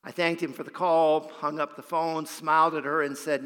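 A man's voice: fairly high pitch, fairly even intonation, moderate pace, hardly any pauses, a bit bright. A man, a pastor, preaching a sermon and telling a story, often repeating a word as he starts a phrase. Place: church sanctuary. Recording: long hall reverb.

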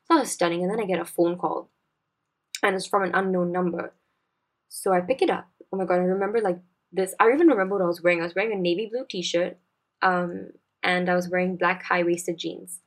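A woman's voice: on the low side, fairly even intonation, a little fast. A young woman in her twenties with a Singaporean English accent, telling a personal story as a podcast host in a chatty, confiding way.

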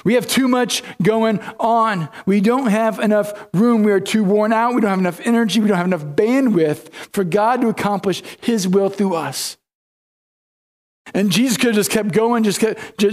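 A man's voice: high-pitched, darkish tone. A male pastor preaching a sermon, retelling scripture in casual, everyday storytelling speech.

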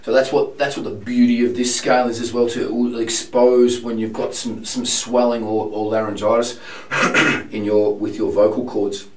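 A man teaching singing while hoarse and sick with laryngitis, explaining frankly with many filler ums. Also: medium pitch, level tone, normal speed, roomy sound, recorded from a distance, poor audio. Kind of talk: vocal lesson demonstration.

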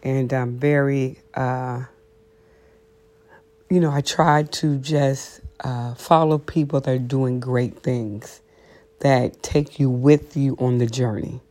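A woman's voice: a bass voice, steady tone, slow pace, warm tone. A woman vlogger giving a blunt, sassy opinion monologue to camera, chatting casually from home with lots of "you know"s. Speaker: vlogger hosting her own talk show. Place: at home, seated with coffee.

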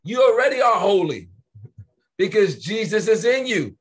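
Earnest husky-voiced man teaching scripture. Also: high voice, very animated. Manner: earnest, reads scripture slowly then presses points with repetition. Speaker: co-host of a faith discussion. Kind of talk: conversational Bible teaching.

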